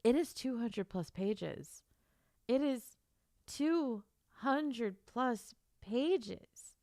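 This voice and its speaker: Teary young woman with a gravelly edge. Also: a little high, lively intonation, very slow, a little mellow, dry recording, studio quality. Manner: emotional, laughing through tears, swearing. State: teary, stuffed-up nose. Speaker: streamer. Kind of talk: casual live-stream chat.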